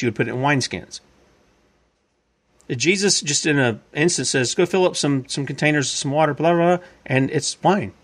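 A man's voice: a little high, fairly bright tone. A man giving an informal Bible-teaching sermon. He talks conversationally, repeats himself and asks and answers his own questions. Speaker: preacher.

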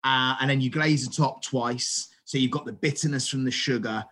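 A middle-aged man, a chef, telling stories in a casual interview, animated and full of restarts. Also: mid-range voice, normal speed, husky. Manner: animated, acts out quoted dialogue, frequent restarts. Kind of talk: casual storytelling.

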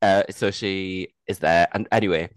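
A man's voice: low-pitched, steady tone, moderate pace, smooth, no room sound. A man co-hosting a podcast, telling stories in casual chat and laughing often. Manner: chatty storytelling, laughs often. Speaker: podcast co-host.

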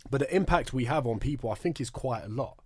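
A man's voice: medium pitch, animated, quick pace, slightly rough, no room sound. A man hosting a casual podcast, laddish and loose, swearing and saying bruv and innit. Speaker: podcast host. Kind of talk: casual banter.

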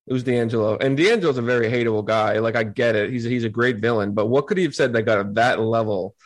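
A man co-hosting a casual sports talk show, thinking aloud in a measured, conversational way. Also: mid-range voice, poor audio. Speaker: podcast co-host.

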